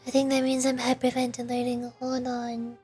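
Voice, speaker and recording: A woman's voice: a little high, monotone, normal speed, warm tone, soft background music. A woman streamer chatting casually about doing voices, self-commenting and laughing often. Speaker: voice-acting streamer.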